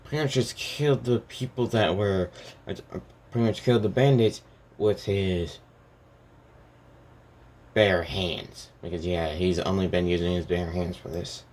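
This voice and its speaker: A man's voice: low voice, fairly even intonation, measured pace, darkish tone. A man casually talking through a story idea, hesitant and rambling, full of restarts and fillers.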